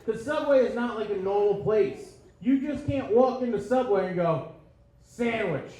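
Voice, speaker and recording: A man doing stand-up comedy, with a profane rant style and shouted bursts, acting out dialogue. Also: sits high, normal speed, a little hiss or hum. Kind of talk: stand-up set. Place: comedy club stage. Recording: echoey club with crowd laughter. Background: audience laughing.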